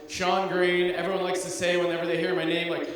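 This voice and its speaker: A man performing a stand-up comedy set on a theater stage, sarcastic and self-mocking, slipping into quick character voices. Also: high voice, monotone, fairly bright tone. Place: theater stage before a live audience. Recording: echoey hall recorded from far off.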